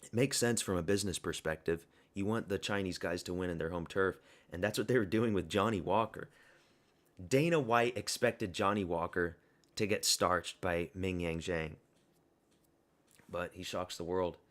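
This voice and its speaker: A man's voice: low-pitched, normal speed. A young man giving a casual, blunt and rambling fight review monologue, full of opinions and fillers. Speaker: MMA commentary YouTuber.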